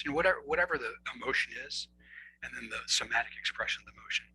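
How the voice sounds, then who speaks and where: A man speaking as a guest relationship coach, explaining earnestly and acting out inner dialogue, swinging between loud and soft. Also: mid-range voice, very fast, slight background noise, low-quality recording. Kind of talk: conversational explaining.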